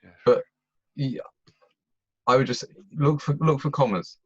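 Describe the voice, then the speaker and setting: A man's voice: medium pitch, measured pace, husky, no room sound, lo-fi sound. A man tutoring German on a video call, explaining step by step and checking that his students follow. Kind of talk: online tutoring lesson.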